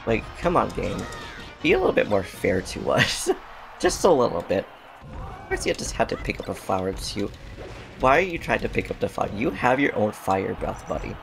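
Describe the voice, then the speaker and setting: A man's voice: lowish voice, wildly swooping pitch, normal speed, a bit bright. A man giving casual, chatty gameplay commentary as host, sassy toward the game and laughing often. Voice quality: gravelly. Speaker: gaming channel host. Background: game music.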